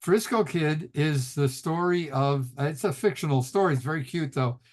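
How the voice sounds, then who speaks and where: Chatty middle-aged rabbi teaching over a call. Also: male voice, a little high, normal speed. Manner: chatty storyteller, laughs often, restarts sentences. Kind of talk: casual lecture on a video call. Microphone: video call.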